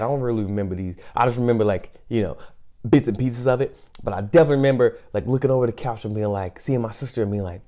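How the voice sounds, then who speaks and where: Man, thirties, podcast host, casual storytelling, rambling and chatty, average pitch. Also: darkish tone. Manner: rambling, chatty, full of fillers.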